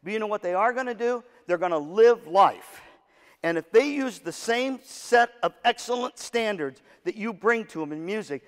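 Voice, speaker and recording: A man giving a motivational talk to music directors, telling a story and acting out the voices in it, with jokes to the audience. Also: sits high. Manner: animated storyteller, acts out quotes, jokes with audience. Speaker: keynote speaker at music educators' session. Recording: long hall reverb.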